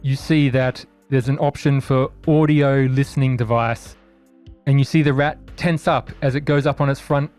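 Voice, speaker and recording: A man's voice: medium pitch, fairly even intonation, normal speed, a little mellow, clean tone, soft background music. A man narrating a tabletop horror game as game master, casual and descriptive.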